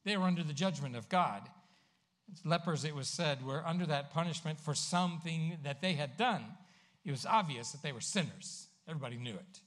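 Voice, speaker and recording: A man preaching a sermon as pastor, swinging from emphatic, loud lines to hushed asides. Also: a little high, animated, a little fast.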